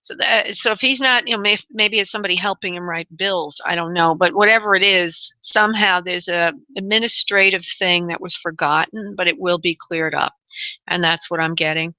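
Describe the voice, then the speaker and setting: A woman hosting psychic call-in radio, her voice bright and forward in a dry, close sound. She soothes callers with honey and love and thinks aloud as she tunes in. The audio is a little dull and lo-fi. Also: lowish voice, fairly even intonation, no room sound. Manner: thinks aloud, pauses to tune in. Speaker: radio show host and spirit medium.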